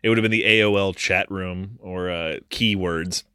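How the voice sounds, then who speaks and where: Male podcast host, thirties, rambling casual delivery, smooth clear tone. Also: low voice, fairly even intonation, moderate pace, sharp tone, no echo, studio quality. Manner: rambling, filler-heavy delivery.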